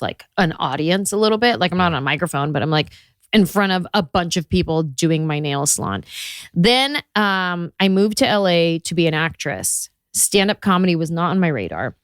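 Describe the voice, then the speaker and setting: A woman's voice: on the low side, clean tone, dry recording. A woman from California in her thirties, a comedian telling stories in a casual interview and slipping into character voices. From California, USA. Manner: animated storyteller who slips into character voices. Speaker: guest comedian.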